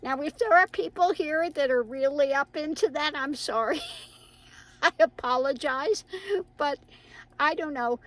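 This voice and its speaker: Woman, middle-aged, high voice, unhurried, rambling casual chat, frequent laughs. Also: a bit bright, poor audio. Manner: rambling, chatty, laughs often. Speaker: tarot reader and channel host.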